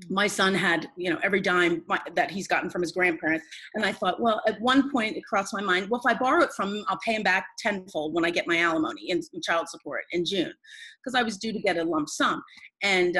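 A woman's voice: fairly low pitch, a bit bright, husky, poor audio. A woman who is a guest in a conversation, telling a personal story in an earnest, rambling way with many restarts.

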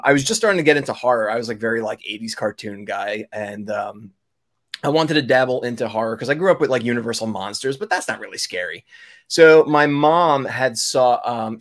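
A man's voice: mid-range voice, fairly bright tone. A man in his thirties from New York, telling a story in casual chat, rambling with many fillers and self-corrections.

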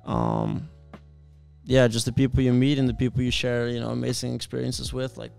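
Young Dutch-accented guy, gravelly and easygoing, casual podcast guest. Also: mid-range voice, animated, moderate pace, a little mellow, soft background music. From Netherlands. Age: young adult. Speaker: guest soccer player. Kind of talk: casual chat.

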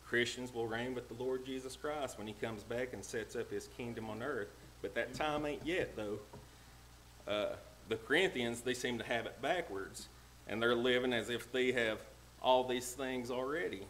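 A man preaching a plain-spoken, homespun sermon in a church, slowing down to read old-style scripture verses. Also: mid-range voice, fairly bright tone, a little hiss or hum, poor audio. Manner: plain-spoken and homespun, reads King James verses slowly. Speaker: lay preacher. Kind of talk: folksy sermon with scripture reading. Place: church sanctuary.

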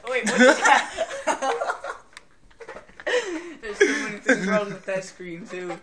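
Man asking quick, laughing questions. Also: sits high, expressive. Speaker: friend commenting on the game. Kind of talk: casual joking commentary. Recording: game crowd noise behind. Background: basketball arena crowd from the game.

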